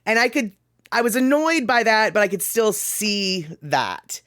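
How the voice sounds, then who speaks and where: A woman livestream host chatting casually at an unhurried pace. She reads viewer comments, laughs often and drifts into rambling asides. Her voice sits close and dry on the mic. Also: medium pitch, very animated, a bit bright, dry recording. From Pacific Northwest, US.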